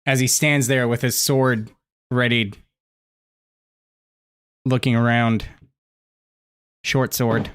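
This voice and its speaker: A man narrating as game master of a tabletop game, relaxed, with fillers. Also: medium pitch, takes it slowly, long pauses, clean tone, no room sound, studio quality.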